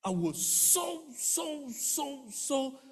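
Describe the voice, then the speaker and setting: A man giving an emotional spoken testimony, telling the story with animated delivery and acting out quoted voices. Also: very high-pitched, extremely slow, in a large hall.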